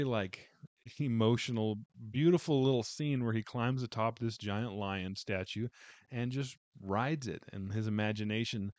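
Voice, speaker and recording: A man with a fairly low voice talks through a casual book review in a heartfelt, rambling way, full of fillers and false starts. The sound is close and dry, with no room echo. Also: darkish tone, smooth.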